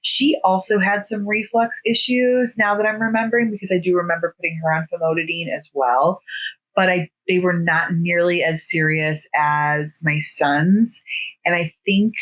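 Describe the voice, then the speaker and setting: A woman in her thirties co-hosting a podcast, talking in a relaxed, thoughtful way. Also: lowish voice, moderate pace, rough recording. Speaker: podcast co-host. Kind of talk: casual chat.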